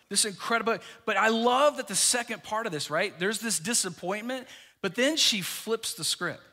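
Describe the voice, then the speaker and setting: High, bright-voiced man preaching a sermon. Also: lively intonation, moderate pace. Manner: preaching with emphatic repetition, dropping quiet for scripture. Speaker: pastor.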